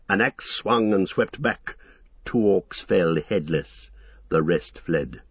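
A man narrating an epic fantasy audiobook in a measured, dramatic storytelling manner. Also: sits low, expressive, husky, no echo, lo-fi sound.

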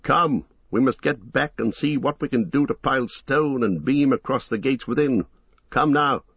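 A man's voice: mid-range voice, moderate pace, slightly rough, no echo, highs cut off. A man voicing a stern male warrior captain, giving urgent commands and battle cries.

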